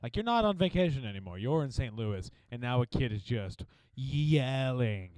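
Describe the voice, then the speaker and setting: A young man trades road stories on a comedy podcast, animated and quick to slip into mocking impressions. His voice sits in an ordinary middle register. The recording is dry and close, with no room sound. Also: mid-range voice, smooth, dry recording. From Missouri. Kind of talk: casual comedic chat.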